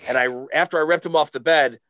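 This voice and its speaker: A man's voice: on the high side, fast talker, bright, forceful tone, no room sound. A man, a podcast guest, telling a casual story full of fillers and restarts. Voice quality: rambling with many fillers.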